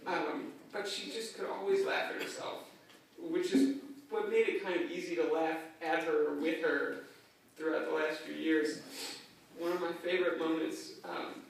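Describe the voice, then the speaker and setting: A man's voice: fairly high pitch, fairly even intonation, moderate pace, gravelly. A young man giving a eulogy for his grandmother in a funeral chapel, telling stories casually with fillers. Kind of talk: anecdotal eulogy. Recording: echoey chapel, distant mic, faint noise.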